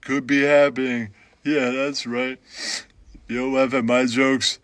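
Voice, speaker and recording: A man doing a parody stand-up routine in a deadpan way, with a repeated catchphrase. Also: mid-range voice, a little slow, no room sound. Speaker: comedian parody.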